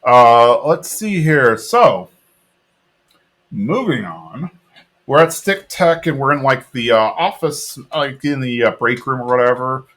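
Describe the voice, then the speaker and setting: A man with an ordinary mid-range voice talks through a cartoon episode on a podcast. He rambles along in a loose, casual way, full of fillers and quick laughs. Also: medium pitch, expressive, a bit bright. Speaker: podcast co-host. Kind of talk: casual recap chat.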